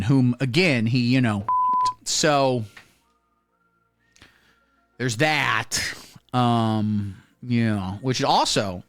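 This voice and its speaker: Male comedian, deadpan satirical monologue, animated pitch, faint music underneath. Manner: mock-serious, deadpan delivery with sudden shouted announcements. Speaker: comedy streamer.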